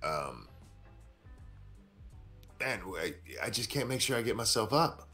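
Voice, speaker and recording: Deep-voiced blunt, swearing man. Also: very animated, measured pace, bright, forceful tone, soft background music. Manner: blunt, profane. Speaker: guest. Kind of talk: casual livestream chat.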